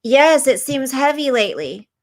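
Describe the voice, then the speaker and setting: Hosting a laid-back livestream, a woman with a high voice talks at a normal speed and gets very animated while reading comments and replying to viewers by name. Even so, she sounds tired and unwell.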